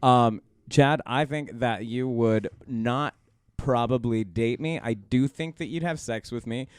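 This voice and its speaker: A man's voice: medium pitch, a little slow, smooth, no echo. A man in casual podcast chat, rambling and filling his talk with "like". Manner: rambling, heavy on "like" fillers. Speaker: podcast co-host.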